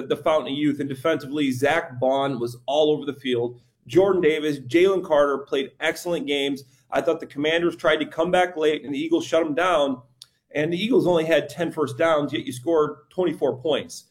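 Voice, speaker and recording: A middle-aged former player giving casual football analysis, conversational and tripping over names now and then. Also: male voice, fairly high pitch. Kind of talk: casual sports chat.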